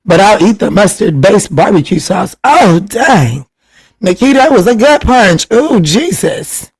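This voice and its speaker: Brief: a chatty man hosting a tarot livestream, high-voiced and teasing, with frequent laughs. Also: a little slow, breathy edge, poor audio. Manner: chatty, teasing, laughs often, pitch jumps up when excited. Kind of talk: casual live chat reading viewer comments. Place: home livestream.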